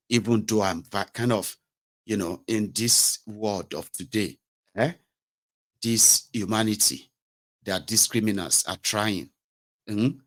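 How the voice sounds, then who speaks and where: A man's voice: fairly low pitch, fairly bright tone. A man with a Nigerian accent giving impassioned political commentary, sarcastic and indignant, slipping into Pidgin and Yoruba phrases.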